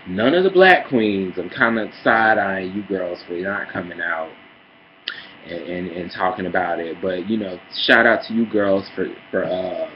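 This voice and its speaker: A man ranting sassily in a casual vlog, calling listeners girl and honey, heated and swinging between mutters and loud outbursts. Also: deep voice, unhurried, dull audio, a little hiss or hum. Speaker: vlogger. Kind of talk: casual opinion rant.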